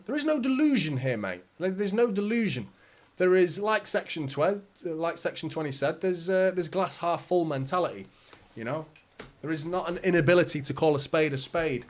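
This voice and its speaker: A man from England hosting a live football fan stream, casually reading and answering chat comments, chatty and swearing now and then. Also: mid-range voice. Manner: chatty, defensive, swears casually, laughs between points. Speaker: football fan channel host.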